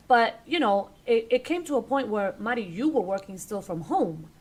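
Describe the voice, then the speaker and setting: A woman co-hosting a podcast in casual chat, chatty and quick to jump in. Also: a little high, lively intonation, husky. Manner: chatty, laughs often, jumps in. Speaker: podcast co-host.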